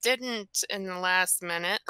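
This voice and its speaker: An eager, chatty halfling bard, played by a woman in her own voice, in a tabletop game. The voice is bright and smooth, recorded close and dry. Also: fairly low pitch, slow pace, no echo. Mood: curious.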